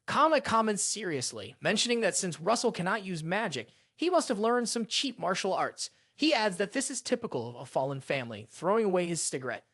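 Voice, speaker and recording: A storyteller recapping a fantasy comic in steady scripted narration. The pitch moves freely up and down while the pace stays even. The sound is close and dry, with no room around it. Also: a little fast, few pauses, dry recording.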